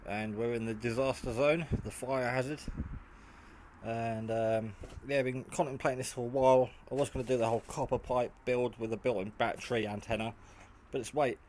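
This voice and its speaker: Brisk yet a little mellow, a man with a medium-pitched, steady voice talks through his home build for a casual vlog. He's a tired, half-asleep hobbyist maker who rambles chattily with many fillers, and the audio has faint background noise and clicks.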